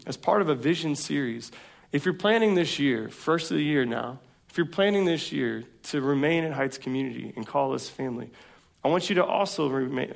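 A man's voice: a little high, vocal fry. A man preaching a sermon as pastor, in a casual, conversational way from a church stage.

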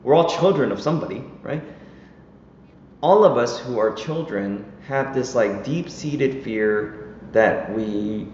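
A man's voice: medium pitch, lively intonation, takes it slowly, a little mellow. Male pastor, thirties to forties, chatty sermon style, roomy and slightly lo-fi with faint noise. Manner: casual, chatty, often asks "right?". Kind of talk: conversational sermon. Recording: echoey hall, dull, faint noise.

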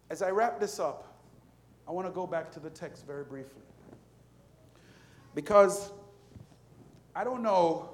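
A man preaching a sermon as pastor, building to emphatic climaxes and stretching out key words. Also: high-pitched. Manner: preaching with rising, emphatic climaxes and drawn-out stresses.

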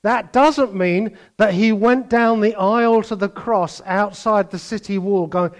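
Animated older male preacher. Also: sits high, unhurried, hardly any pauses. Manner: animated, mimics voices, swings between loud bursts and quiet asides. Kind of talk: sermon.

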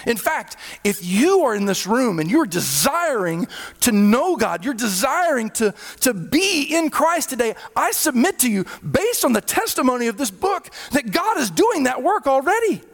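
A male pastor preaching a sermon, with sudden swells in volume and hushed, slowed drops. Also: extremely high pitch, very animated. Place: church hall. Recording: reverberant hall.

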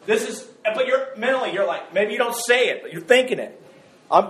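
A man's voice: sits high, animated, moderate pace, a bit bright, reverberant. A man preaching a sermon as pastor, conversational and joking, often repeating his words as he goes. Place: church sanctuary.

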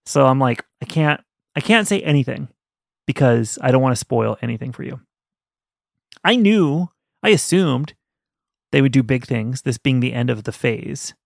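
A man's voice: medium pitch, lively intonation, moderate pace, gravelly, long pauses, no echo, studio quality. A man co-hosting a podcast, chatting animatedly and rambling about a book, laughing often. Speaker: podcast co-host. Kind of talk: casual book-review chat.

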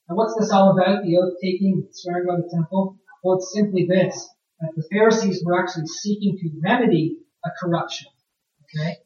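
A man preaching a sermon in a conversational way, often asking rhetorical questions. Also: high voice. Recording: very echoey room, distant mic, dull sound.

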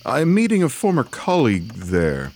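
A man's voice: mid-range voice, wildly swooping pitch, moderate pace, creaky, a little mellow, full character voice. An actor playing a nervous male clerk and bureaucrat who turns anxious and panicky in an audio drama. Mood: explaining. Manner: anxious, panicky when scared. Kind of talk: audio drama podcast acting.

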